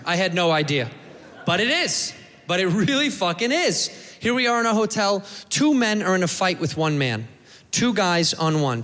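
A man's voice: high-pitched, a bit bright. A man doing profane stand-up storytelling, acting out the voices of the people in his story. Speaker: stand-up comedian. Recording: hall reverb, faint noise.

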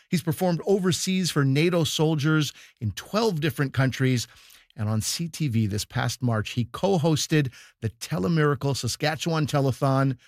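A man hosting a radio comedy show, reading scripted introductions in a smooth announcer style. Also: a little high, no room sound, clean studio sound.

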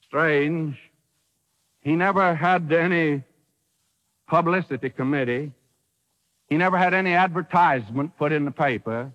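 A man's voice: a little high, normal speed, a bit bright, in a large hall, poor audio. A man preaching a sermon with folksy wording and dramatic quoted lines, heard on an old radio broadcast.

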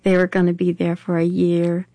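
A woman's voice: on the low side, monotone, moderate pace, warm tone, no room sound. An older woman with a Southern accent, telling her own story plainly and wryly in an interview. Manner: plainspoken, wry, laughs a little. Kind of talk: personal storytelling.

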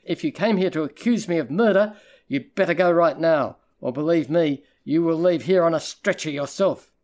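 Guy reading as a tough sarcastic lady detective, bit higher voice, audiobook. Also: normal speed, a little mellow, close to an everyday voice. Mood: cutting. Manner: cutting, sarcastic. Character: sharp-tongued female private investigator.

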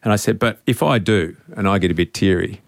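Brief: Aussie radio host, middle-aged man, sentimental, rambly storyteller, low-pitched, dry close mic. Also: gravelly, no room sound. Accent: Australian. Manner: rambling, halting, with many restarts. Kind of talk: casual storytelling on air.

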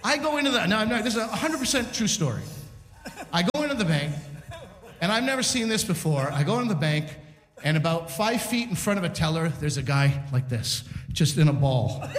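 A man hosting a live stand-up show, telling a story in a chatty, animated way with restarts and asides. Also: a little high, fairly quick. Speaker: stand-up comedian and show host. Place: stage in a community center hall. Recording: roomy live hall reverb.

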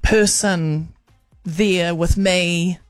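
A woman with a New Zealand accent, a radio host and touring comedian, telling animated stories in casual on-air chat. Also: fairly low pitch, drawn-out words, no echo, faint music behind. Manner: animated storytelling with chatty asides.

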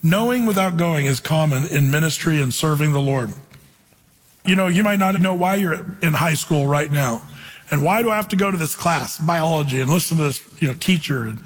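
A man's voice: sits high, breathy edge, big-room sound. A man preaching a sermon in a conversational, storytelling way, reading scripture aloud. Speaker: pastor.

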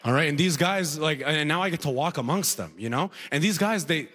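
A man performing stand-up comedy with a lively, swooping delivery. His voice sits a little high for a man, and he laughs often at his own jokes. He keeps slipping into different voices as he tells the story. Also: a little fast, few pauses.

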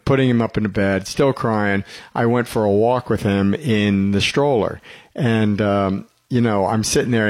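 A middle-aged man hosting a radio talk show, telling rambling stories in casual conversation and chuckling often. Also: lowish voice.

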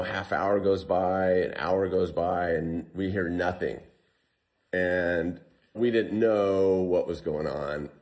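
Deep-voiced man recounting an ordeal. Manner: animated retelling, quotes himself and others. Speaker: guest telling a survival story. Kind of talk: casual storytelling interview.

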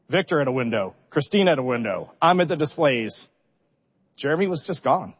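The recording is lo-fi, and this middle-aged spacecraft commander speaks quickly in a slightly high, somewhat rough voice. Telling stories in a public interview, he is animated and self-deprecating, dramatizing his reactions and sometimes holding back tears.

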